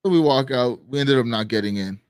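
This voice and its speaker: A man co-hosting a live stream show, telling a story in casual chat, animated and swearing, acting out quotes loudly. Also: mid-range voice, fairly quick, clear, resonant tone, dry recording, studio quality. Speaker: podcast co-host.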